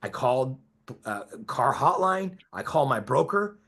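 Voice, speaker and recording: A man's voice: medium pitch, big pitch swings, unhurried, fairly bright tone. A man coaching a group of real estate agents, talking emphatically and pressing his listeners with questions for agreement.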